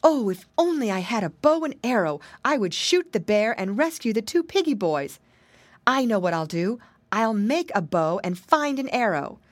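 A woman voicing a brave young maiden in a children's story, earnest and bright. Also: a little high, big pitch swings, normal speed, no room sound, pitched above the performer's own voice. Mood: brave resolve.

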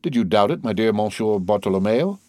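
A man reading the part of a suave, courteous nobleman count, speaking in a smooth, measured way. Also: on the low side, expressive, darkish tone, no echo, clean studio sound, lightly acted.

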